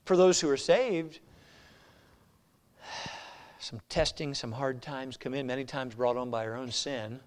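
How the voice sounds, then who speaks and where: A man pastor preaching a sermon, emphatic and swinging between loud declarations and hushed asides. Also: medium pitch, measured pace, pauses often, big-room sound.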